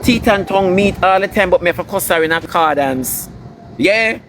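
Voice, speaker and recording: A Jamaican-accented man scolds and lectures at normal speed in an online rant, preachy and emphatic as he repeats his points again and again. His voice sits slightly high for a man, and the recording is noisy, with traffic and street sounds clearly audible in the background.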